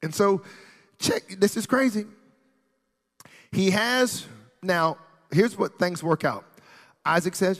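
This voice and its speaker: A man preaching an animated storytelling sermon, with playful asides, who builds up to shouting. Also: sits high, slow pace, long pauses, long reverb tail.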